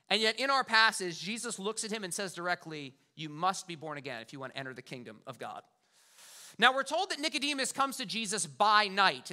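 A man's voice: very high voice, bright, forceful tone. A middle-aged man preaching a sermon as pastor, emphatic and conversational, repeating words for weight.

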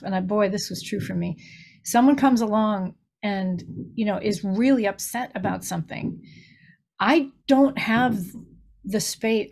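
An earnest middle-aged woman, a grief recovery minister, tells stories in a conversational podcast interview, acting out the voices of people she quotes. Her voice is medium in pitch and a little mellow.

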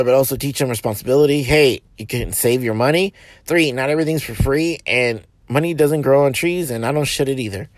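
A man's voice: medium pitch, dry recording. A man hosting a casual solo podcast, talking bluntly and swearing a lot while he drives. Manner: blunt, profane and ranting. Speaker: podcast host. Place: in a car while driving. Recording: road noise from a moving car. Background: car and street noise.

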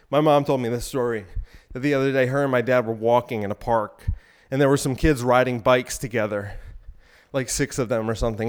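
Male podcast host, smooth resonant voice, slightly out of breath, rambling provocative monologue. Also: mid-range voice. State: out of breath while exercising.

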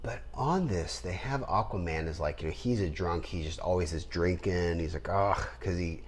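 A man co-hosting a podcast, chatting casually and rambling with animated bursts of laughter. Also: sits low, normal speed, a little hiss or hum. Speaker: podcast co-host. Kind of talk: casual chat.

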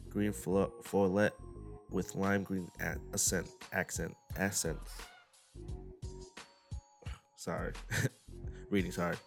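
A man casually reviewing cannabis strains on a vlog, reading descriptions aloud and stumbling over words, with laid-back slang. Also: low-pitched.

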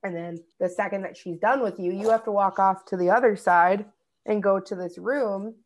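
A woman's voice: medium pitch, steady tone, moderate pace. A young woman from Minnesota, co-hosting a podcast, telling a story in casual chat and swearing freely. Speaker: podcast co-host.

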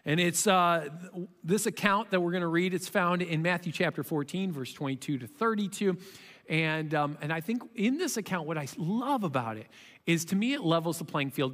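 A man preaching a conversational sermon, reading scripture aloud and talking it through in an animated way. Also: a little high, long reverb tail. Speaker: pastor.

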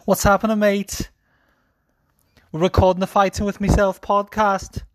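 Man, put-on Scouse accent, higher voice, casual podcast host, self-mocking. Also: level tone, moderate pace. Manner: putting on a mock Liverpool accent, self-mocking. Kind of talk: casual MMA recap podcast.

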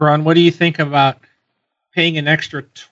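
A man's voice: a little high, flat delivery, normal speed, a bit bright, lo-fi sound. A man co-hosting a casual podcast, chatty and hesitant with ums. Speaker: podcast co-host. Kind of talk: casual chat.

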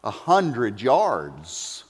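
A man's voice: medium pitch, huge pitch swings, extremely slow, husky. A man preaching a sermon as pastor, who tells stories and builds to fervent, repeated exhortation. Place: church sanctuary. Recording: long hall reverb.

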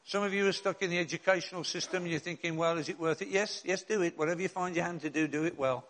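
A man's voice: high voice, fairly even intonation, quick pace, a bit bright. An older man, a bishop and chaplain preaching a sermon in an earnest, direct way with rhetorical questions and repeated refrains.

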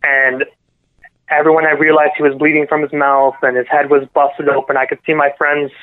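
A man guest on a podcast telling a painful personal story in a halting, earnest way, often correcting himself. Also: fairly high pitch, level tone. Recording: phone-line audio.

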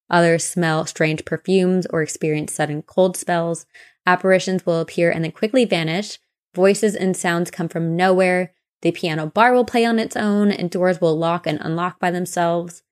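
Lower-voiced woman telling ghost stories. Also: normal speed, clear, resonant tone. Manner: chatty, animated retelling with quoted voices. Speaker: podcast co-host. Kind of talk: casual chat, storytelling ghost lore.

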